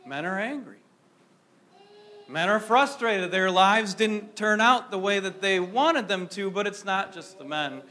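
A pastor with a high, sharp voice preaches a sermon to a congregation at a measured pace, sounding expressive. He speaks conversationally and often asks his listeners questions.

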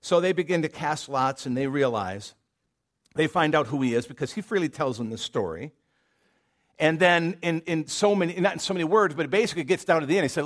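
This preacher, a man with a Southern American accent, speaks briskly in a higher voice with lively intonation. His sermon is informal and story-driven, full of asides, fillers, and rhetorical questions.

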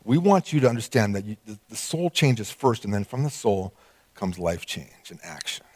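A male pastor preaching a sermon, animated and conversational, acting out quoted voices with small laughs. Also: lowish voice, moderate pace, husky, dry recording.

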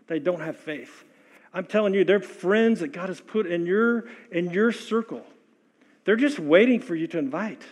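Impassioned high-voiced older male preacher. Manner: impassioned preaching with sudden loud and soft swings. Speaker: pastor. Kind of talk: sermon.

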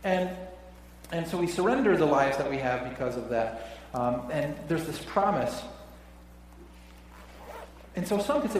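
A man preaching a sermon as pastor, conversational, often dropping his voice softly for emphasis. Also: a little high, normal speed, slight background noise. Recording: echoey church hall from far off.

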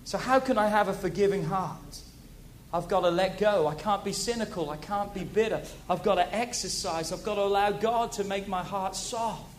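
A man with a high-pitched voice preaches an animated sermon to a congregation, repeating key phrases and putting questions to the audience.

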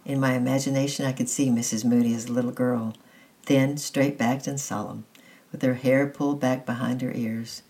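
A gentle reader narrates a children's novel aloud, chapter by chapter. The voice is dark and mellow, with a gravelly texture. The reading is calm and unhurried, and the reader signs off with affection. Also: mid-range voice, poor audio. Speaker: storybook reader.

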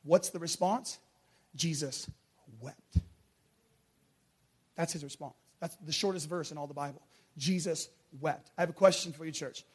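A man with a high, light voice preaches a sermon with real fire. He climbs to loud, urgent peaks, then drops to hushed, intimate lines for the congregation. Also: moderate pace, long pauses, slightly rough. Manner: passionate, swings from shouting to hushed.

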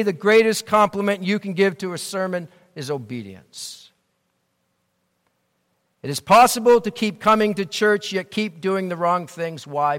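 Male pastor, high voice, earnest preaching that swells and drops, heard in a big reverberant church. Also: a bit bright. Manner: earnest, rising and falling preaching delivery. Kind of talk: sermon. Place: church sanctuary. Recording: long reverb of a church hall.

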